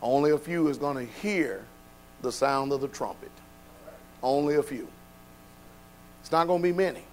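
A man preaching a sermon, dropping to quiet, low passages and then building to loud, shouted exhortation. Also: normal speed, long pauses, a little hiss or hum, low-quality recording.

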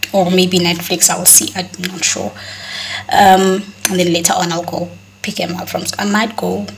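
A woman's voice: lowish voice, a bit bright, a little hiss or hum, rough recording. A young South African woman with a South African accent, chatting casually to viewers in a vlog and often repeating herself. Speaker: vlogger.

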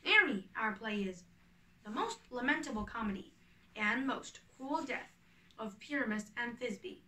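A woman reading the part of a fussy male carpenter who directs a village play, handing out names and parts in order, with a bright voice in an echoey room. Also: a little high, lively intonation, measured pace, recorded from a distance. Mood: bossy. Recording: echoey room, away from the mic.

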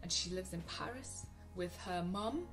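This young woman's voice is lowish and fairly bright, with a measured pace and faint music in the background. She's a film vlogger chatting casually to camera about favourite films, gushing as she goes, with frequent ums and restarts.

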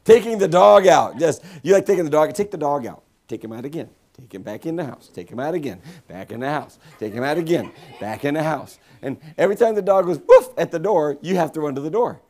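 A fairly high-voiced man preaches in a church sanctuary, joking with the congregation. His delivery is lively and bouncy, with big swings in pitch. He keeps it playful and talks straight to the people in the pews. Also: fast, few pauses. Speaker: guest preacher. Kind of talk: humorous sermon with audience interaction.

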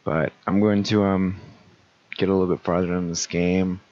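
Very low-voiced sick young man. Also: level tone, normal speed, darkish tone, dull audio, a little hiss or hum. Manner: tired, groggy, self-mocking. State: sick, sore throat. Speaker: gameplay commentator. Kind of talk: late-night gameplay commentary.

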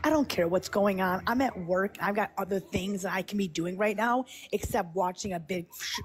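A woman's voice: mid-range voice, moderate pace. Blunt, exasperated woman. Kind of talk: casual chat.

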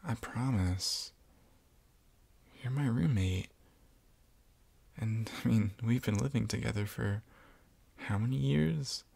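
Gravelly, slow, soft-spoken man in whispered role-play. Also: on the low side, no echo. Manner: gentle, reassuring, soft-spoken. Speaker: ASMR roleplayer.

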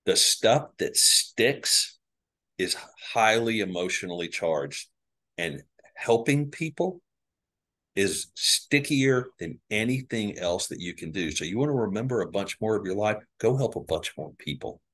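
A man's voice: fairly low pitch, lively intonation, a little slow, a bit bright. A male psychologist, a podcast guest, telling personal stories earnestly with lots of filler words. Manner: earnest anecdotal storyteller with frequent fillers. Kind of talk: podcast interview storytelling.

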